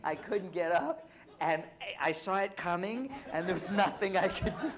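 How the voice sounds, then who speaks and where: A man on stage at a convention Q&A, a publicist telling anecdotes in an animated, teasing way with frequent laughs. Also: high voice, normal speed, background noise. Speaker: guest speaker, publicist. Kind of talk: casual convention Q&A storytelling.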